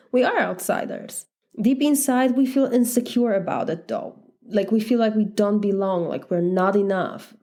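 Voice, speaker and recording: A woman's voice: mid-range voice, a little mellow. A woman with a Polish accent, a life coach speaking in a candid, reflective podcast monologue, laughing lightly now and then. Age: adult, married.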